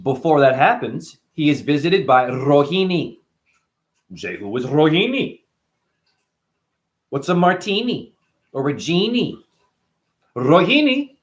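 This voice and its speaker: Animated man with a profane spiritual rant. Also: a little high. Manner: animated, profane, rhetorical questions. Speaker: host. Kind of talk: casual spiritual monologue.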